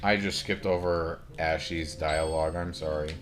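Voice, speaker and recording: A man's voice: rumbling low, fairly even intonation, moderate pace, a bit bright, soft background music. A man giving casual gameplay commentary, rambling and apologetic, often putting himself down. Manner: rambling, apologetic, self-deprecating. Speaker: let's play gamer.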